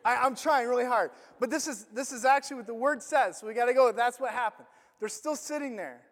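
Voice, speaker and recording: A man preaching a sermon. He retells a story in an animated, conversational way, full of "like" fillers. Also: very high voice, quick pace, long reverb tail.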